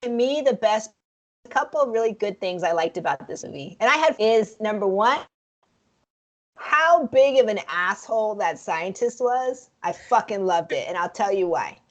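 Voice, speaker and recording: A woman co-hosting a casual film review chat, frank and profane, speaking in an animated way. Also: mid-range voice, normal speed. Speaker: podcast co-host.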